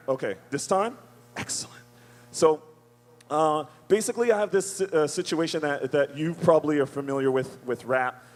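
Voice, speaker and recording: A man's voice: fairly high pitch, in a large hall. A man performing comedy rap at a live show and chatting between songs in a casual, mumbling way. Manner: rhythmic rapping, casual mumbling asides. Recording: live show with loud music. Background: loud music.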